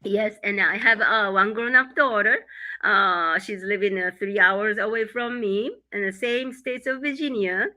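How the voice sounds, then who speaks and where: Bright-voiced woman with a stuffy cold. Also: medium pitch, fairly even intonation, low-quality recording. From Japan. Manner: halting, with many fillers and laughs. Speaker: podcast co-host. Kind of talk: casual live podcast chat. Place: home in winter. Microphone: computer mic.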